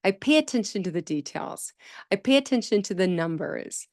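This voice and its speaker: A woman talks straight into a close microphone, and the sound is dry with no room around her. She hosts a speech therapy podcast in an animated way. She leans on repeated words and acts out the voices of the people she quotes. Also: mid-range voice, normal speed, no echo. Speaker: speech-language pathologist podcast host. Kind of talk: solo podcast talk.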